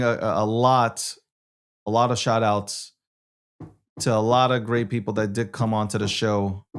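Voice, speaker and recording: A man hosting a casual solo show, rambling, repeating himself and swearing offhand. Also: fairly low pitch. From New York. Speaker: show host.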